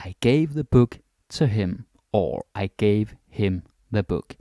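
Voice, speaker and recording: A young man teaching grammar in a relaxed way, repeating words slowly and adding casual asides. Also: on the low side. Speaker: language teacher.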